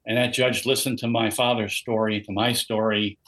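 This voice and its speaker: An older man recounts his life story as an interview guest. His voice sits low and stays fairly level. He tells it earnestly, often quoting what others said. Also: level tone, moderate pace, fairly bright tone, rough recording. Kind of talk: personal testimony in a podcast interview.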